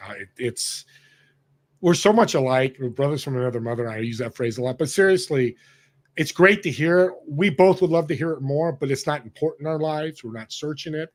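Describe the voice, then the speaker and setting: A man guest on a podcast, telling stories in an animated, emphatic way and acting out the dialogue. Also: fairly high pitch, fairly quick. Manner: animated, emphatic storyteller who acts out dialogue. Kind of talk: storytelling in conversation.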